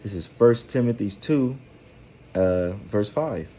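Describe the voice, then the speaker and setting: A man's voice: mid-range voice, expressive, moderate pace, vocal fry, warm tone, husky. A man giving a loose, informal scripture lesson who keeps asking "all right?" and rambles with fillers and repeated words. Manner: tags nearly every phrase with "all right?". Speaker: Bible teacher.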